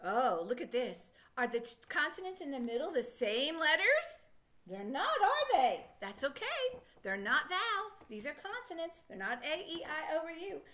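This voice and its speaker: A woman teaching a children's phonics lesson, encouraging and enthusiastic, sounding out word parts slowly. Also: high voice, big pitch swings, bright, forceful tone.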